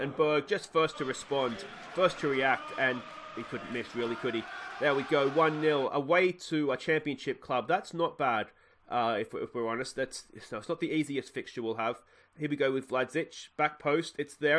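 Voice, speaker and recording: A young Australian man commentating his own football management gameplay, calm between plays and shouting with laughter when goals go in. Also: medium pitch, background noise. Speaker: let's play host.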